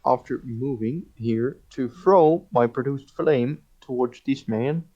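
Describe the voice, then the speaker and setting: A man's voice: mid-range voice, slow pace, dark tone. A man playing in an online tabletop game, laid-back in his turns. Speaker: player. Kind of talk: casual online game chat. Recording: dull lo-fi mic.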